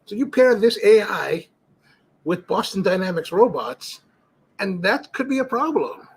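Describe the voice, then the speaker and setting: A man's voice: high-pitched, very animated, a little slow, creaky, slightly rough. A middle-aged man hosting a cigar live stream, chatting casually, reading viewer comments and rambling through stories with many restarts. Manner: rambling, storytelling, frequent restarts and fillers. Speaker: cigar livestream host.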